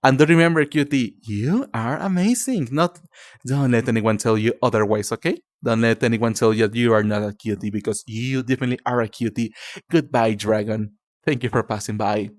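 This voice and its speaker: Here a young livestreamer with a Spanish accent chats with viewers in a relaxed way, stumbling over phrases and calling people cutie and darling. He speaks a little fast in a mid-range voice. The sound is clean studio quality without echo.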